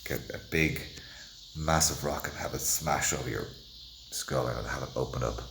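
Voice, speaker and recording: A man's voice: very deep voice, moderate pace, gravelly, background noise. A man vlogging in a meandering, self-interrupting monologue, playful and at times dropping to a whisper. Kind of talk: rambling monologue to the camera.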